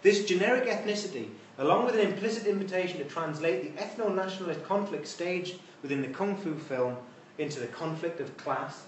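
A man's voice: sits high, expressive, fairly quick, hardly any pauses, slight background noise. A man giving an informal university lecture with wry, conversational asides. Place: lecture hall. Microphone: distant room mic. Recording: echoey hall from far off.

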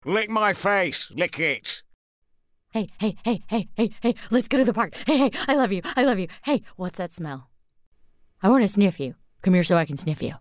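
A woman voicing an excitable dog that begs to go to the park and to sniff everyone. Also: mid-range voice, moderate pace, no echo, studio quality, lightly acted. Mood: excited. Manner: eager, sniffing and repeating.

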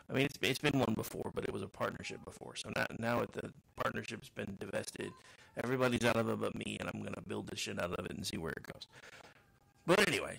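A man's voice: fairly low pitch, gravelly, fairly bright tone. A middle-aged man with a trained radio voice, hosting a podcast and telling a long, rambling, self-mocking story full of restarts. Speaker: podcast host. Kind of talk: casual monologue.

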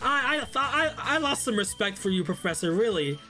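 A young man playing a fan-made game, reading its dialogue aloud and reacting with loud, exasperated outbursts. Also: normal speed, music in the background. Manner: reads game text in a flat, lowered voice. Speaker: gaming YouTuber.

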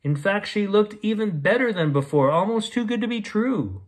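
A man hosting and reading a children's bedtime story aloud, gentle and expressive. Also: sits high, moderate pace. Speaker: host reading bedtime stories.

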